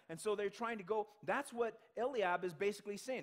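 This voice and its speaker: A man's voice: high-pitched, fairly quick, hardly any pauses. A male pastor delivering a sermon in a conversational way, asking the congregation questions and acting out the voices he quotes. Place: church sanctuary.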